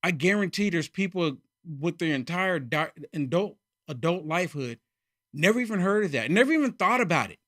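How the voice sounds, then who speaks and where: A man delivers a political commentary monologue in a high-pitched, sharp, forceful voice. He hammers his points by repeating phrases, jumping between loud outbursts and low, muttered asides. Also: expressive, fairly quick. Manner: emphatic, repeats phrases for effect. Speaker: channel host.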